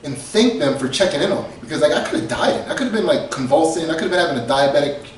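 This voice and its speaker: Man, podcast host, animated comic storytelling, slightly high voice, echoey room, distant mic. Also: fast, a little hiss or hum. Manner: animated, laughs often, acts out quotes. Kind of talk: casual comedic storytelling.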